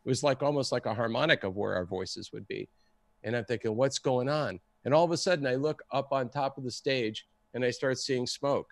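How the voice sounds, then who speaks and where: A man telling a story in a casual, excitable way and acting out the people he quotes. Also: medium pitch, fairly quick, creaky, dry recording. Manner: animated, acts out the people he quotes. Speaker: guest storyteller.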